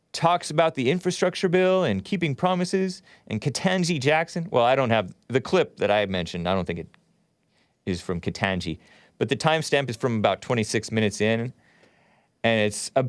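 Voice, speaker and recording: A man's voice: mid-range voice, no echo, studio quality. A man hosting a livestream show, talking casually and rambling, often spelling names out letter by letter. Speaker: show host.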